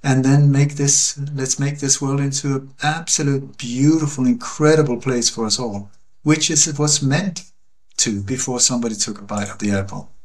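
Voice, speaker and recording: Guy, earnest and emphatic, repeats stuff for weight, mid-pitch voice on a call. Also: moderate pace, a little mellow. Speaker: interview guest. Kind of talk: passionate conversational monologue.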